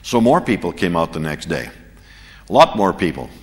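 A man's voice: sits low, normal speed. Man preaching in a reverberant hall. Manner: storytelling, animated, chuckles at his own jokes. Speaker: preacher teaching a church class. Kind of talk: sermon with anecdote.

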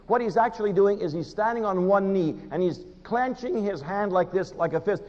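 Man, preacher, sermon, pleading emphasis, dramatic pauses, dull recording. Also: high voice, darkish tone. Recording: muffled hall recording with long reverb.

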